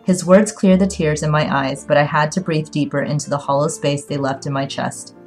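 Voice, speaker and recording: Give me a woman with a low voice narrating a first-person novel, steady and even. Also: brisk, faint music behind. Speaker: audiobook narrator. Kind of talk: scripted narration.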